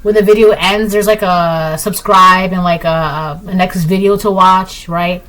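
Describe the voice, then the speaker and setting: A woman's voice: fairly low pitch, steady tone, a little slow, a bit bright, rough recording. A woman giving a casual tarot reading, chatty and repetitive, often ending lines with "right?". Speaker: tarot reader.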